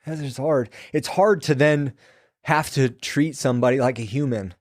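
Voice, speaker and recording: A man's voice: mid-range voice, normal speed, darkish tone, no echo, studio quality. A man, a former prison sergeant, telling stories in loose, profane casual talk and acting out what people said. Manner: loose and profane, acts out quoted dialogue. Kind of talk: casual storytelling conversation.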